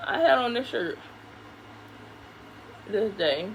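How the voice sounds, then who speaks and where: A young woman, telling a casual, profane story in an animated way while doing her makeup at home. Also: medium pitch, drawn-out words, creaky. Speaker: vlogger. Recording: noisy home recording.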